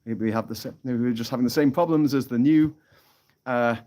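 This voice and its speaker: A man's voice: mid-range voice, fairly quick, warm tone. A man hosting a casual live stream, telling a rambling story with frequent laughs and some swearing, speaking into a phone outdoors on an island.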